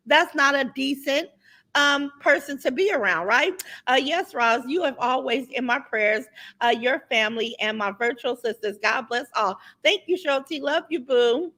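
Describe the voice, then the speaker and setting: Blunt, bright-voiced woman livestream host. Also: high-pitched, animated, normal speed. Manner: blunt, chatty, reads viewer comments aloud. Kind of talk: casual livestream commentary.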